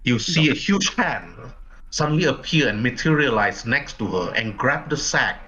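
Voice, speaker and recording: A man's voice: mid-range voice, lively intonation, moderate pace, sharp tone, muffled recording. A man narrating as game master of an online tabletop game, linking events with plain "and then" storytelling.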